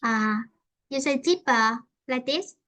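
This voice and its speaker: A woman from Vietnam with a Vietnamese accent, teaching an online English lesson in a halting way, often repeating and rephrasing herself. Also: sits high, pushed and bright.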